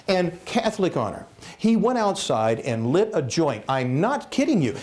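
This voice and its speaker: Animated male guest speaker, slightly high voice, jokey stories, acts out the characters. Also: normal speed. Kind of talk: comic storytelling talk. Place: lecture hall at a college.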